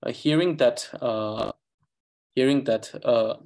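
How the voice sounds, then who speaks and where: A man with an Eastern Tibetan accent explains words to his students in an online class. His voice sits at a middle pitch, and he talks in halting bursts, filling the gaps with "uh" as he thinks aloud. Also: creaky, a little mellow. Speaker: Tibetan language teacher. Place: online class, video call.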